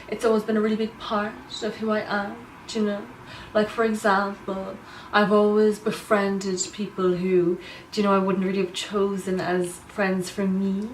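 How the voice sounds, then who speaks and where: A woman's voice: mid-range voice, reverberant, recorded from a distance, close to an everyday voice, rough recording. A self-absorbed young artist, as an actress plays her, talks smugly to camera in an easy mid-range voice, rambling and tagging on "do you know". The room rings around her, the mic sits well back, and a faint hum runs underneath. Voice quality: rambling, smug, says "do you know" constantly. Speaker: vlogger. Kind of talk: comedy monologue to camera.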